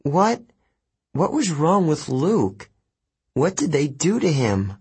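A man's voice: sits high, huge pitch swings, slow, a little mellow, breathy edge, pitched above the performer's own voice, heavily acted. Man voicing a distraught, defiant teenage girl. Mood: grieving. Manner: pleading, insistent.

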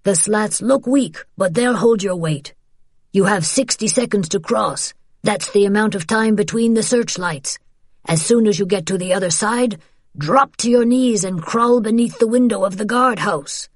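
Calm male guide voiced by a woman, measured urgent orders, steady leader, dry close sound. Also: medium pitch, dry recording, pitched above the performer's own voice, lightly acted. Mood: instructing.

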